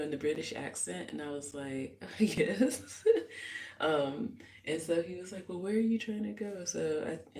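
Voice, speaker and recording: A woman's voice: deep voice, darkish tone, roomy sound, a little hiss or hum, rough recording. A woman musician chatting casually in a live get-ready-with-me vlog, rambling and reflective with many fillers. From United States. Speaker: musician and vlogger. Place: small hotel bathroom indoors.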